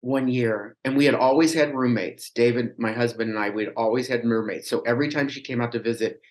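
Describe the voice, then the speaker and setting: A man's voice: medium pitch, brisk. Chatty man telling a story. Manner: animated, chatty, rambling with restarts. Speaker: podcast guest. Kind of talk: casual storytelling chat.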